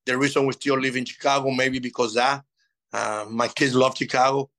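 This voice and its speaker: A man in his fifties, a native Spanish speaker, telling lively stories in a casual interview and acting out old conversations. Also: mid-range voice, moderate pace, poor audio. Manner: animated, acts out past dialogue. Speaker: interview guest.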